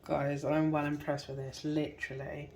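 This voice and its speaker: A woman's voice: sits low, flat delivery, moderate pace, gravelly, a little mellow, slight background noise, rough recording. A woman, chatting casually while cooking and eating at home. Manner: chatty, bubbly. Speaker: vlogger. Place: home kitchen.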